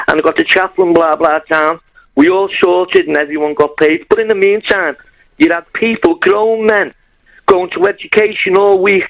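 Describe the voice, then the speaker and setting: A man's voice: sits high, gravelly, fairly bright tone. A man calling in to a radio show, telling his story in a blunt, heartfelt way over a phone line. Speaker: caller. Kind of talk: phone-in call.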